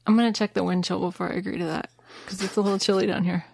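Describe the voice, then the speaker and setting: A woman's voice: mid-range voice, steady tone, very fast, gravelly, darkish tone. A woman hosting a podcast in casual chat, chatty and self-deprecating. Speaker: podcast host.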